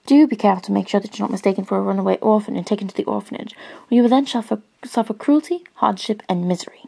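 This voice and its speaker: A woman voicing a prim, fretful Victorian mother in a soft-spoken storybook reading. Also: medium pitch, very fast, vocal fry, slightly rough.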